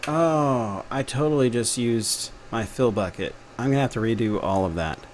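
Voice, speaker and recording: A young man from Texas with a Texan accent talks at normal speed in a mid-range voice, with slight background noise. Teaching a game development tutorial on a casual live stream, he's chatty, jokey, and mutters to himself as he works.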